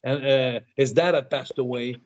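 An older man, a guest in an interview, telling animated anecdotes in casual talk, often stammering and repeating his words. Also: medium pitch, normal speed. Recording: dull lo-fi sound.

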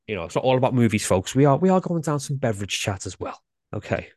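A man hosting a casual podcast chat, playful and quick to restart his sentences. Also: mid-range voice, lively intonation, darkish tone, no echo, studio quality. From Yorkshire, England. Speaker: podcast host.

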